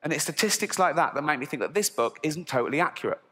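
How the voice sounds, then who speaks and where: A man doing a stand-up routine, crude and deadpan in his punchlines, often laughing at his own jokes. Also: fairly high pitch, fast talker, a little hiss or hum. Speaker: stand-up comedian. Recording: long reverb of a large hall.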